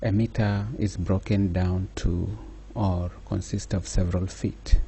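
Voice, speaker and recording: A man giving a slow, measured lecture, pausing often with fillers. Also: sits low, level tone, warm tone, slight background noise. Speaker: teacher. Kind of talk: recorded lecture.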